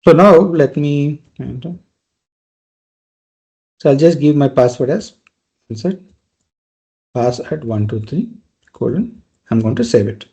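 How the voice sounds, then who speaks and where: A man's voice: fairly high pitch, measured pace, long pauses, warm tone. A male trainer giving a live technical lecture, explaining step by step and often checking in with "right?".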